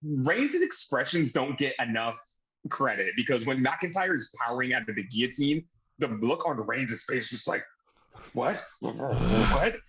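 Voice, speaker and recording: A man from the United States hosting a casual wrestling review chat, excitable and swearing freely. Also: mid-range voice, moderate pace, breathy edge, poor audio. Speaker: podcast host.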